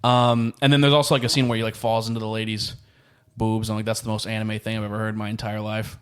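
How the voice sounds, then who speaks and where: A man's voice: on the low side, level tone, quick pace, clean tone. A young man co-hosting a casual movie podcast, rambling with many fillers and restarts. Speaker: podcast co-host. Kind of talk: casual chat.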